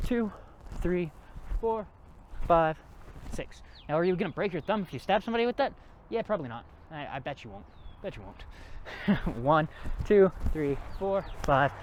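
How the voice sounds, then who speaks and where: A man's voice: fairly high pitch, a little hiss or hum. A man teaching a martial arts class, counting reps aloud and explaining moves in a casual coaching way. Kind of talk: workout class instruction.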